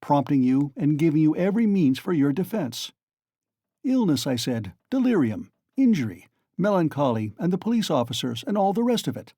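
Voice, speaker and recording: A man's voice: on the high side, very animated, moderate pace, dark tone, no echo, clean studio sound. A man doing a sly, mocking examining lawyer. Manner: sly, mocking and good-humored, chuckling. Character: sly, ironic middle-aged male examining lawyer.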